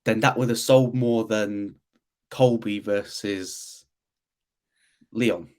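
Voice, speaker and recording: A British man as a guest on a podcast, talking in a relaxed, conversational way. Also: lowish voice, slow pace. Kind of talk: casual podcast chat.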